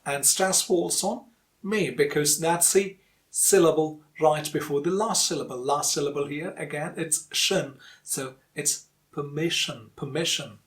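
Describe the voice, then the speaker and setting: A man teaching an online pronunciation lesson, saying each example word slowly and repeating it as a drill. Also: fairly high pitch. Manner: calls for likes and subscribes.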